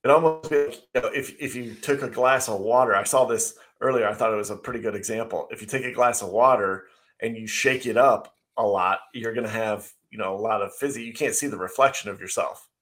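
A man's voice: on the low side, brisk, a bit bright. A man co-hosting a casual talk show, speaking bluntly and ranting with frequent laughs. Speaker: podcast co-host. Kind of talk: casual opinionated chat.

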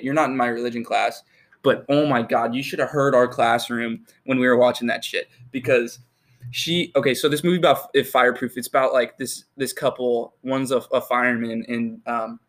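Young man swearing through an excited story. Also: mid-range voice. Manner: profane, animated storytelling. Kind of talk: casual chat.

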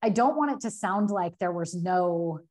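A woman in her thirties, a guest telling a candid personal story, earnest and quick, full of filler words. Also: on the low side, animated, a little mellow. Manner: earnest, fast, many filler likes, acts out quotes.

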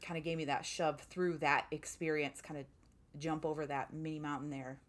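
A woman's voice: sits low, level tone, moderate pace. A woman telling a personal story in a casual interview, talking freely with many "like" fillers. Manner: chatty, lots of "like" fillers.

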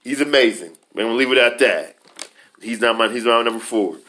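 A man's voice: mid-range voice, fairly quick, bright, forceful tone. A man co-hosting a casual chat, talking emphatically and exclaiming often. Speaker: co-host.

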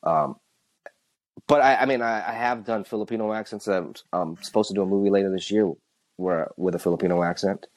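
A man co-hosting a podcast, talking casually in quick bursts full of asides. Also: on the low side. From United States. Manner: animated, talks in quick bursts with many asides. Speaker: podcast co-host.

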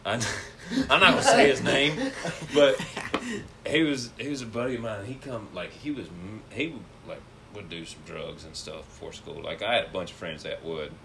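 A man's voice: low-pitched, brisk, few pauses, a crowd in the background. A young man, casually telling a rambling story and laughing through it.

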